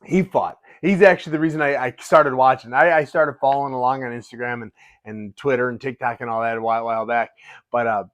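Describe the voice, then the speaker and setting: A middle-aged man and fighter talking excitedly in a casual vlog, often restarting his sentences. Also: mid-range voice, fast, no echo. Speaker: fighter and vlogger.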